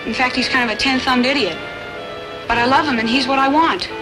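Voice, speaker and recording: Une actrice jouant une adolescente rusée et entichée. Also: female voice, high voice, brisk, music in the background, natural voice. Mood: gushing.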